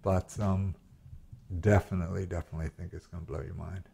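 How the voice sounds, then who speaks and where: A male actor, a guest chatting casually in a flat, relaxed and rambling with many fillers. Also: low voice, fairly quick, creaky, husky. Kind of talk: casual interview chat. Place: host's flat.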